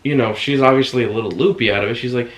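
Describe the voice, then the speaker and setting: A man casually retelling a hospital visit, acting out other people's words. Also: racing. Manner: animated retelling, acts out quotes with sudden high shouts. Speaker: vlogger recounting a hospital visit. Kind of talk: casual storytelling. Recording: echoey room.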